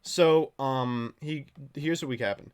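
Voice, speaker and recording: A man streaming from home, telling a story in casual chat, animated and swearing freely. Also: mid-range voice, a little slow, smooth.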